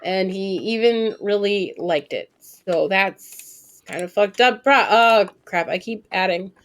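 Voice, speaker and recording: A woman in her twenties streaming live gameplay commentary, chatting and thinking aloud, with sudden excited squeals and casual swearing. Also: mid-range voice, takes it slowly.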